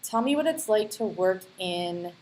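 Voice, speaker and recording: A woman hosting an interview, firing off quick questions in a playful way and laughing often. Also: medium pitch, lively intonation, darkish tone, slight background noise, low-quality recording. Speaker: interview host.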